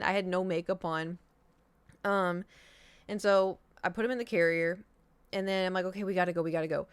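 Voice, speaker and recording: A woman's voice: fairly low pitch, fast talker, smooth, dry recording. Young woman streamer rambling through a story, lots of likes and restarts, dry close mic. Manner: rambling, animated, frequent fillers and restarts. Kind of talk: casual storytelling chat.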